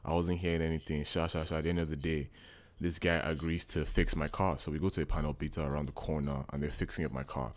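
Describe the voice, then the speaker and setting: A young man from Nigeria co-hosting a casual podcast, telling animated stories full of swearing and laughter. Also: a bass voice, quick pace. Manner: animated storytelling, profane, laughing. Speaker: podcast co-host. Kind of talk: casual chat.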